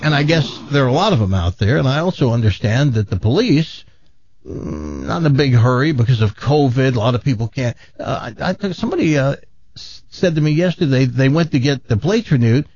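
A man hosting a call-in radio talk show, wry and deadpan, his broadcast sound a little muffled. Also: mid-range voice, brisk, no echo.

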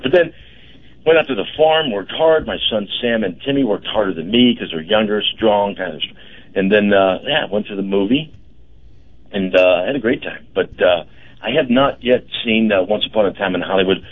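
A man's voice: sits low, normal speed, phone-quality sound. A middle-aged man hosting a casual talk radio chat, rambling with many fillers and restarts. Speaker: radio host.

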